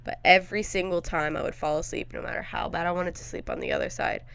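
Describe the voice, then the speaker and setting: A woman's voice: lowish voice, fast talker, gravelly, fairly bright tone, clean tone. A young woman co-hosting a podcast, telling frank, candid stories in casual chat with lots of filler words. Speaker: podcast co-host.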